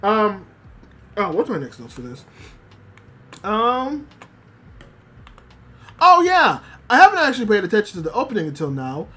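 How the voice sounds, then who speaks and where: A woman's voice: mid-range voice, moderate pace, long pauses, slightly rough. A woman streaming as a VTuber, chatting casually about anime with lots of swearing and fillers, reading chat messages aloud. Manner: animated, profane, rambling with many fillers.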